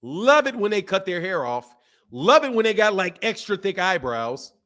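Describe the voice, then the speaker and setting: A man in his forties with a fairly high voice goes on a casual, animated rant. He repeats his points again and again and breaks into laughter often. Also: normal speed. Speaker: boxing channel host.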